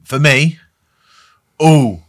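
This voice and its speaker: A man's voice: fairly high pitch, drawn-out words. A young English man co-hosting a podcast, joking around and cracking crude punchlines. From England. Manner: jokey, quoting films with crude punchlines. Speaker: podcast co-host. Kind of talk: casual chat.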